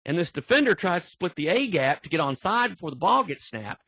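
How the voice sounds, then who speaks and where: An older man, speaking as a football official in a training talk. His husky voice rambles in a folksy way, with lots of restarts. The sound is close and dry. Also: high voice, big pitch swings, fairly quick, sharp tone, dry recording. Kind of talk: storytelling in an online training talk.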